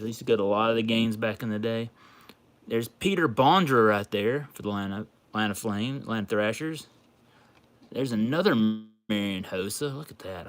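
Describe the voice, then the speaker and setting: A man hosting a casual collectibles livestream, gushing excitedly as he opens a package. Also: fairly low pitch. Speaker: card collecting livestream host. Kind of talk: casual livestream chat while opening a package.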